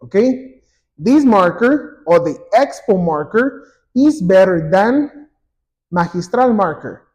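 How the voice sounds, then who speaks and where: A man teaching an English grammar lesson, saying example words twice, slowly and clearly. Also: high voice, expressive, darkish tone. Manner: slow and repetitive, drawing out example words.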